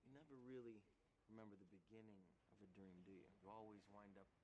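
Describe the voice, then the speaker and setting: An actor playing a calm male dream thief, patiently explaining in measured film dialogue. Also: lowish voice, close to an everyday voice. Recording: noisy film audio under a stream.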